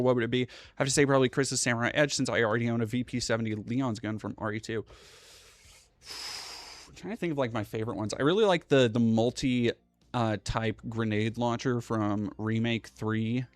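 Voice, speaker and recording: A man's voice: mid-range voice, steady tone, fast talker, dry recording. A young man hosting a livestream, ranting casually and profanely in a rambling way. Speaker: livestream host.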